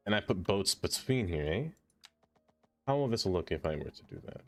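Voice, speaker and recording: Low-voiced guy streaming a city builder, laughs a lot, lively up and down talk, faint music playing behind. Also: moderate pace. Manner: chatty, laughs often, talks to chat and to himself. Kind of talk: casual live-stream chat while playing a city builder.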